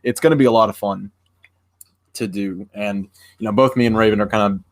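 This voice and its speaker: A man's voice: on the low side, fairly even intonation, brisk. A young man on a casual livestream, talking with lots of fillers and restarts. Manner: rambling with many fillers and restarts. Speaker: streamer.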